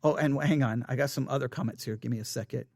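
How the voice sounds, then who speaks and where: A man hosting a channel, reading viewer comments aloud and answering them in an animated, exasperated way, with frequent stammered restarts. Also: mid-range voice, fast talker, creaky, dry recording, clean studio sound.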